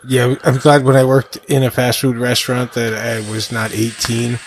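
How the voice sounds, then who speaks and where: A man's voice: mid-range voice, little pitch movement, moderate pace, no echo. A man in casual podcast chat, interjecting and adding to the others' talk. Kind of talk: casual crude joke chat.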